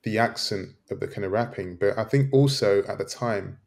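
A man's voice: lowish voice, normal speed, vocal fry, a little mellow. A man, a professor guest, answering thoughtfully and reflecting on memories. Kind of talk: interview.

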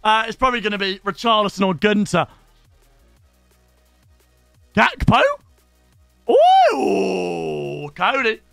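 Excitable young lad streaming. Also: male voice, high-pitched, smooth, no room sound. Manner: excitable banter with chat, swearing. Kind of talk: casual live-stream pack-opening commentary. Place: home streaming setup.

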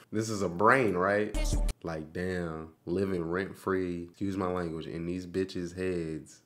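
A man's voice: low-pitched, fairly even intonation, slow, fairly bright tone. A man hosting a music reaction video, chatting casually and saying "bro" a lot. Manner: laid-back, says "bro" a lot, chuckles.

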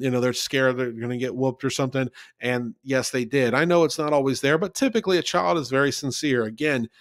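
A man's voice: mid-range voice, fairly quick, few pauses, no echo, clean studio sound. A man giving a conversational Bible study, talking in an earnest, folksy way and repeating points for emphasis.

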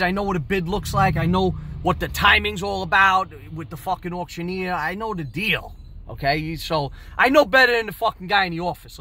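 High-pitched, profane, animated storyteller man. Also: husky, poor audio. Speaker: host. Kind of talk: casual storytelling.

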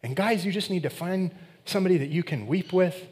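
A man's voice: sits high, brisk, a little mellow, voice pushed up, natural voice. A preacher voicing a gushing, sentimental man cooing over a friendship in a syrupy, exaggerated way.

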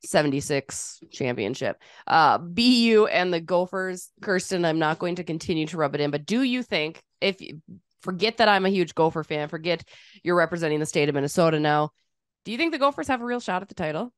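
A woman's voice: on the low side, expressive, brisk, no room sound, clean studio sound. Playful woman hosting a hockey podcast. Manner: playful, teasing, opinionated. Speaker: podcast host. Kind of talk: casual sports chat.

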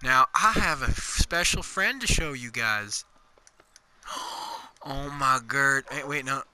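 Excitable man doing gameplay commentary. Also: mid-range voice, unhurried, clear, resonant tone. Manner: excitable, rambling gamer chatter. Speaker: gaming YouTuber. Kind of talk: let's play commentary.

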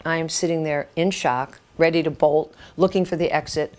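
There's slight background noise as a woman in her seventies, a writing teacher, tells candid stories to an audience. She swears freely and plays the voices of the people in her tales, using a lowish voice with fairly even intonation at a normal speed.

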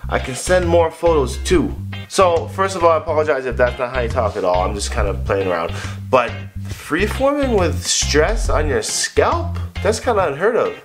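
A man's voice: fairly high pitch, very animated, normal speed. A man hosting a casual video Q&A, talking in a loose, playful, chatty way. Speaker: vlogger giving hair advice. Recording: guitar music playing behind.

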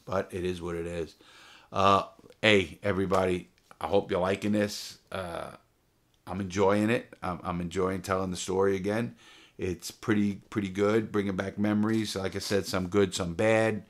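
A middle-aged man with a very low, gravelly voice tells stories straight to camera. He is blunt and swears freely, often breaking off and restarting his sentences. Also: steady tone, moderate pace. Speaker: storyteller of his own past. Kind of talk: casual profane storytelling to camera.

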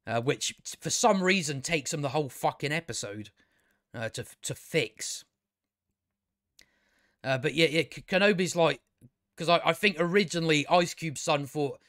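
A fairly high-voiced man ranting casually about something that irritates him, sarcastic and exasperated, with plenty of swearing and false starts. The sound is dry and close, with no room echo. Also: normal speed, long pauses, a bit bright. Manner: exasperated, sarcastic, swears a lot, many restarts. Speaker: video reviewer. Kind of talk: casual rambling review.

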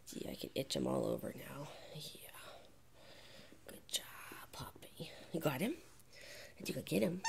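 A woman's voice: low-pitched, lively intonation, measured pace, creaky, long pauses. A woman talking casually to a puppy during training, in coaxing baby talk full of praise, often dropping into whispers. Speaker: dog trainer.

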